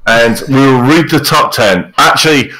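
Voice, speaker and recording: A man's voice: medium pitch, normal speed, sharp tone, rough recording. A man co-hosting a game stream, chummily thanking the viewers. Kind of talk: casual live-stream chat.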